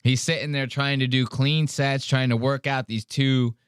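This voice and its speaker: A man hosting a podcast rants in casual, animated chat, swearing a lot. His mid-range voice is clear and resonant at a normal speed, recorded as clean studio sound with no room noise.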